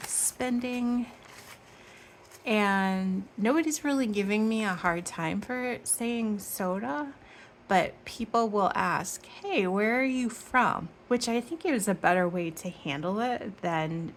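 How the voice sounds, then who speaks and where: A woman from Michigan with a low, gravelly voice hosts a casual budgeting vlog. She chats in rambling tangents, corrects herself as she goes, and counts bills out loud. There is a faint hiss behind her. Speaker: budgeting channel host.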